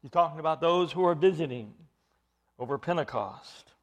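A man preaching an expository sermon, emphatic, with his voice rising into loud bursts. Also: fairly high pitch, normal speed.

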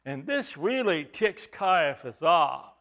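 A man preaching a sermon, telling the story dramatically with rhetorical questions, swinging from loud emphasis to hushed tones. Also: fairly high pitch, big pitch swings, slow pace.

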